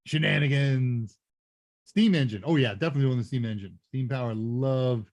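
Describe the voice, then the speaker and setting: A middle-aged man hosts a live Q&A stream, chatting casually, rambling, correcting himself, and laughing now and then. His voice is medium-pitched at a normal speed.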